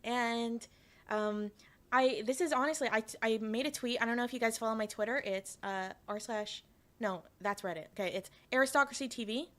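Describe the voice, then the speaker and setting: A woman's voice: on the high side, normal speed, fairly bright tone. Woman, from Canada, VTuber streamer, casual livestream chat, frank, swears. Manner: chatty, frank, swears freely; reads chat aloud and answers it.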